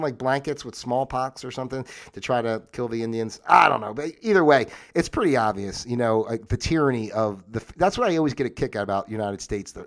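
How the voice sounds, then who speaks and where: Male livestream host, slightly high voice, rambling and sarcastic, loose and unscripted. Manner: rambling, sarcastic, jokey asides, frequent fillers. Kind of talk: casual rambling livestream monologue.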